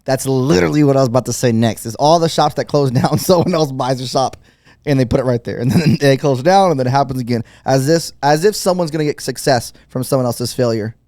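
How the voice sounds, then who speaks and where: A man hosting a casual podcast, agreeable and quick to chime in with short affirmations. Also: mid-range voice, dark tone, dry recording. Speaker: podcast host.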